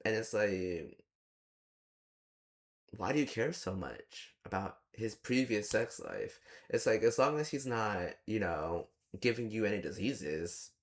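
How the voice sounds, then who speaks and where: A man's voice: fairly low pitch, sing-song, takes it slowly. A young man giving a rambling, exasperated casual movie review, often slipping into mock quotes of the characters. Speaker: movie reaction host.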